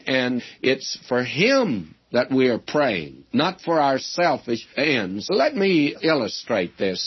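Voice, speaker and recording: A man's voice: medium pitch, husky. An older man preaching an earnest, folksy sermon to his listeners, calling them friends. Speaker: radio Bible teacher. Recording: dull lo-fi old radio recording.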